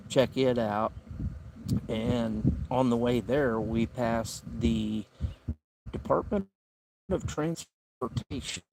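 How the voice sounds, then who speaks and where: A man's voice: mid-range voice, vocal fry, a little hiss or hum. A man with a Southern US accent hosting a casual camping livestream outdoors, talking in an easygoing, rambling drawl. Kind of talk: casual live-stream chat. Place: outdoor campsite by the woods.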